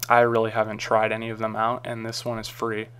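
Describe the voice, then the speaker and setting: A man talking through a screen-recorded software tutorial in a casual, rambling way with frequent ums and uhs. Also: lowish voice, completely flat delivery, brisk, smooth. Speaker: tutorial maker.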